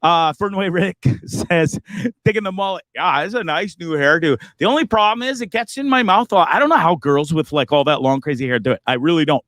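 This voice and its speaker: A man's voice: fairly high pitch, brisk, hardly any pauses, a bit bright, no echo. Joking man hosting a livestream. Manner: profane, joking, rambling. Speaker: livestream host. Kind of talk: casual livestream chat.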